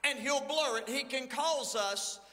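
Pastor, male, high bright voice, folksy sermon, reverberant church hall. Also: measured pace. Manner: folksy storytelling with dramatic Bible reading. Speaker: lead pastor. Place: church sanctuary.

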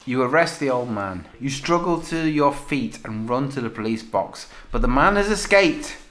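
A man's voice: medium pitch, expressive, a little slow, a bit bright. Give me a man on a casual podcast reading game prompts, laughing as he goes. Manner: laughs often while reading. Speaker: podcast co-host, game reader.

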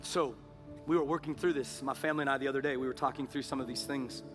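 A man preaching a sermon as pastor, moving between loud emphatic declarations and hushed, whispered prayer. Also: medium pitch, steady tone, quick pace, music in the background.

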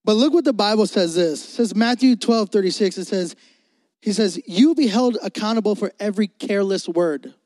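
A young man preaching a sermon to a youth congregation, animated and emphatic, repeating phrases for stress. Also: high voice, fairly quick, no echo. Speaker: youth pastor.

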